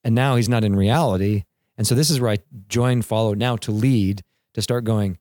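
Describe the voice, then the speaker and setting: A man in his thirties, podcast co-host and father, telling parenting stories in an animated way and acting out quotes. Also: lowish voice, moderate pace, no room sound, studio quality. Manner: animated storyteller, acts out quotes, laughs. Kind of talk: casual podcast conversation on parenting and mentoring.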